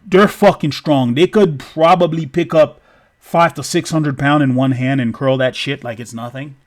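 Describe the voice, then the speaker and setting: A man's voice: a little high, normal speed. A man telling a story casually, rambling with lots of "like" and swearing freely.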